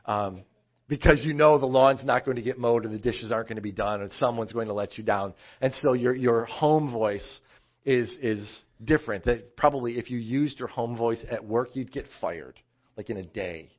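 A man preaching a sermon in a conversational, animated storytelling way. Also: mid-range voice, normal speed, lo-fi sound. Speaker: pastor.

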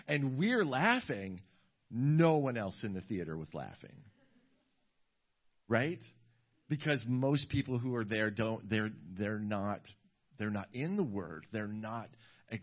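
A man preaching a sermon as a pastor, talking conversationally with many restarts and growing animated when he tells a story. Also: medium pitch, highs cut off. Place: church service in a community center.

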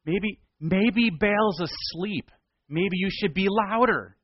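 A man's voice: high-pitched, slow pace, no echo, lo-fi sound, pitched above the performer's own voice. A man voicing a mocking prophet who taunts rival priests with sarcasm. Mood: sarcastic taunting. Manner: sarcastic, teasing.

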